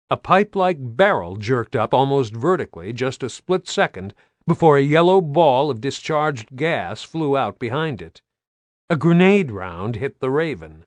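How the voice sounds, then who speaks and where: A man's voice: medium pitch, no room sound. A man reading an audiobook aloud with tense, dramatic narration. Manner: tense, dramatic, varied delivery.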